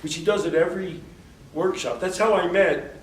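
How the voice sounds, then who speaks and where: A man's voice: sits high, normal speed, a little hiss or hum. A man giving a conversational workshop lecture, rambling through anecdotes and acting out quoted dialogue. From United States. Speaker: workshop speaker. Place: workshop room. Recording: roomy, distant mic in a hall.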